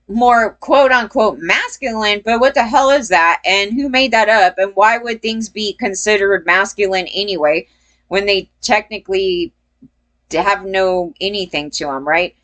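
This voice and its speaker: A woman's voice: mid-range voice, a bit bright. A woman giving casual opinion commentary as a vlogger, blunt and profane, rambling and laughing between points.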